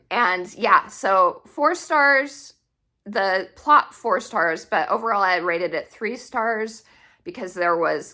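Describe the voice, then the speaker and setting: Unhurried bright-voiced woman reviewing books. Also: fairly low pitch. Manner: chatty, pauses to recall names, frequent um and laughs. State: tearing up. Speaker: book channel host. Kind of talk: casual book review.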